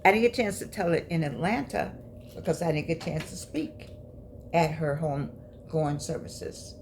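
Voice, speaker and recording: Gravelly-voiced woman in her eighties, storytelling. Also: low-pitched, normal speed, slight background noise. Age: 80s. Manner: lively, chatty storytelling with laughs and direct asides. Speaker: memoir vlogger. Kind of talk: personal storytelling.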